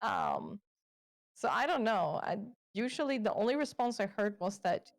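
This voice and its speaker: A woman's voice: mid-range voice, normal speed, dry recording, studio quality. A woman from Sweden with a Swedish accent, a guest chatting casually and acting out quoted remarks. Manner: animated, acts out quoted remarks. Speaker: guest VTuber. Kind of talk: casual chat.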